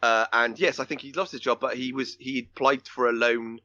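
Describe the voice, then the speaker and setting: Bright-voiced man, rambling chat. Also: mid-range voice, fairly even intonation, a little fast, dry recording, lo-fi sound. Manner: rambling, restarts a lot, swears casually. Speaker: podcast co-host. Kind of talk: casual film podcast chat.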